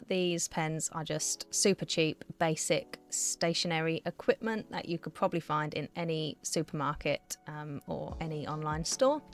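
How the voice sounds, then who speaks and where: Woman, low voice, chatty and giggly art vlog voiceover, faint music underneath. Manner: chatty, giggly, self-deprecating. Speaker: art vlogger. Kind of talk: casual voiceover narration. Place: home art studio.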